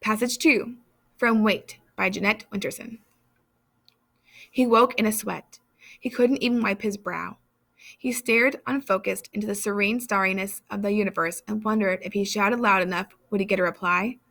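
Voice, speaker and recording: Woman reading stories aloud, bright and gravelly. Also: mid-range voice, steady tone, normal speed. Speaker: reader. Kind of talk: reading literary passages aloud.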